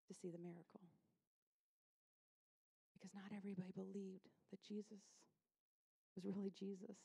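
A woman's voice: medium pitch, gravelly, dark tone, husky. A woman pastor preaching a sermon in a church, conversational and impassioned, acting out voices and dropping to near-whispers at tender points. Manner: conversational, acts out voices of people and Jesus. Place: church sanctuary.

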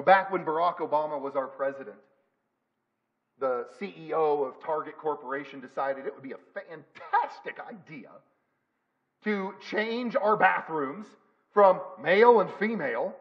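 A pastor preaches a sermon in a church sanctuary, driving his points home with repeated phrases. His voice is high for a man, and the recording sounds dull and lo-fi.

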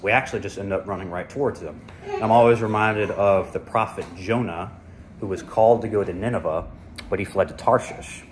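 A man's voice: lowish voice, slight background noise. A man leading a small-group Bible lesson, speaking earnestly and unhurriedly, with fillers and restarts. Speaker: Bible study leader. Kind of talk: informal Bible teaching.

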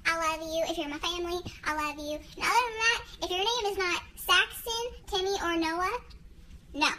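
A woman's voice: very high voice, sharp tone, a little hiss or hum, poor audio. A young woman ranting bluntly and emphatically into her phone camera for a social media story. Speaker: vlogger.

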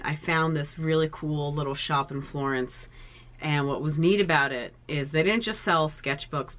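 Slow, low-voiced woman vlogger. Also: fairly bright tone. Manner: chatty and sentimental, with many fillers. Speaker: art vlogger. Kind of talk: casual chat to camera.

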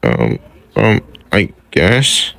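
Sad young hero guy voiced by a man, whiny, keeps repeating himself, kinda gravelly. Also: on the low side, very animated, very slow, a bit bright, heavily acted. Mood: hesitant. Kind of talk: casual fan roleplay.

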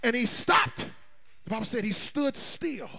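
A male pastor preaching a sermon, swinging between shouts and hushed asides and calling on the congregation to respond. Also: very high voice, animated, a little slow, creaky. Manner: call-and-response prompts to the congregation.

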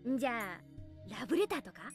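A woman's voice: on the high side, sing-song, rapid-fire. A woman voicing a bubbly, teasing teenage girl in a game, with faint music behind. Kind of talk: Japanese game voice acting.

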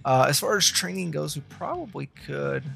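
A man's voice: on the high side, sing-song, moderate pace, vocal fry, fairly bright tone, soft background music. A man giving casual gameplay commentary, thinking aloud and talking to the characters on screen. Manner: thinking aloud, chatting to the game's students. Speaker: let's play host.

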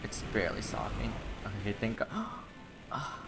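A man's voice: lowish voice, normal speed, vocal fry. A young man giving casual let's-play commentary, often frustrated and swearing, laughing at himself. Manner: frustrated, swearing, self-mocking. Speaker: gaming channel host. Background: game music.

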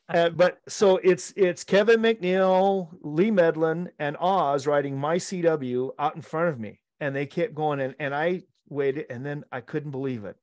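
A middle-aged man, a podcast co-host, telling an animated story among friends, laughing often and acting out the quotes. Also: on the high side, unhurried, no room sound.

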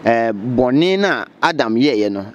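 A man with a Ghanaian accent asking questions in a comic street interview, fast and laughing. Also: medium pitch, lively intonation, highs cut off, a crowd in the background.

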